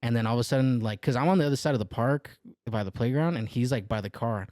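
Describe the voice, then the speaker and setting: A man's voice: medium pitch, fast talker, a little mellow, no echo, studio quality. A young man co-hosting a podcast, telling a long story in a casual, rambling way full of filler words. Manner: laid-back, rambling, heavy use of filler "like". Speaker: podcast co-host.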